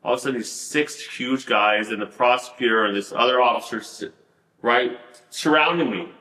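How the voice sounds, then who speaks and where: A man guest on an interview show, telling a story in a casual, animated way, full of fillers and laughter. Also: medium pitch, normal speed, echoey room, low-quality recording. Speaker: podcast guest.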